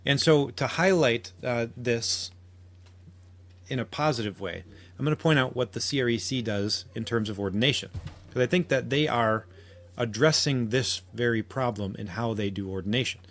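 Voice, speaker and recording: A man's voice: mid-range voice, moderate pace, fairly bright tone. Earnest man arguing on a podcast. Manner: earnest, argumentative, frequent restarts. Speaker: podcast host. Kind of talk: solo podcast commentary.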